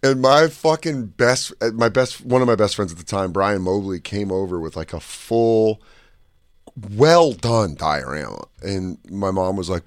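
A jokey middle-aged co-host who tells his stories with big swings of pitch and laughs often. His voice runs low, and the studio sound is dry and close. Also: expressive, normal speed, no echo. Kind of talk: casual comedic chat. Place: radio studio.

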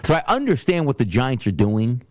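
A man hosting a solo sports talk show, ranting in an animated way and slipping into mocking voices. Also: medium pitch, moderate pace, dry recording. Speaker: sports podcast host.

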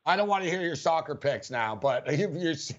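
Man, sports betting host, rambling casual talk, laughs a lot, slightly high voice, dull lo-fi sound. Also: expressive, brisk.

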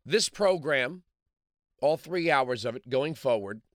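A man's voice: medium pitch, expressive, slow, no echo, studio quality. A man hosting a call-in radio talk show, chatting loosely with frequent restarts and fillers.

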